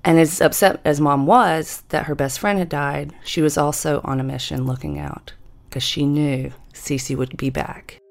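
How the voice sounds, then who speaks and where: Low-voiced woman telling a ghost story. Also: fairly even intonation, gravelly. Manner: measured, deliberate storytelling with slowed emphasis. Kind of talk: personal storytelling podcast. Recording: music bed under the voice.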